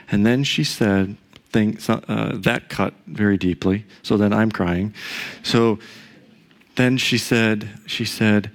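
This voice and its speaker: A middle-aged pastor preaching a sermon, telling a personal story in a conversational way with frequent asides and tag questions. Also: male voice, lowish voice, steady tone, slow pace.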